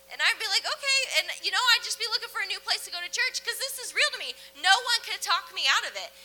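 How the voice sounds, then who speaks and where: Bright, high-voiced woman preaching. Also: expressive, fast. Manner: conversational, laughs often between phrases. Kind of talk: sermon. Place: church.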